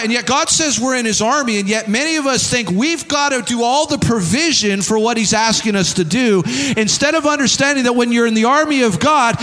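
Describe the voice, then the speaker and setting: Male pastor, high-pitched voice, emphatic sermon delivery in a reverberant church hall. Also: fairly bright tone. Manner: emphatic, repetitive preaching with acted-out dialogues.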